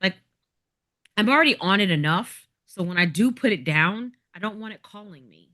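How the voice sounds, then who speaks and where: A woman guest in a casual chat who talks emphatically, repeating her points in a measured way. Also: medium pitch, animated, bright, forceful tone.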